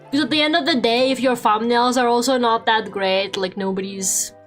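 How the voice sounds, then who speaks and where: Young woman streamer, higher voice, rambly and sweary chat, faint music behind. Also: steady tone, a little fast. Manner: rambling, swears a lot, laughs often. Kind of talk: casual chat while drawing on stream.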